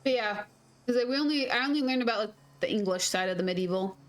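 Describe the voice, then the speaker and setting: A woman's voice: medium pitch, fast. A young woman from Minnesota chatting casually and rambling while streaming a game. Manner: rambling, filler-heavy. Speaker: gaming streamer. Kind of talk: casual let's-play chat.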